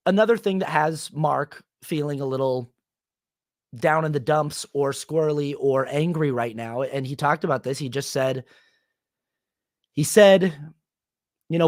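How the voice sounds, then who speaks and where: A young man talking casually on his solo podcast, rambling with many fillers and restarts, and turning animated when he quotes people. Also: a little high, dry recording, clean studio sound. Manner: animated when quoting others. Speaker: podcast host.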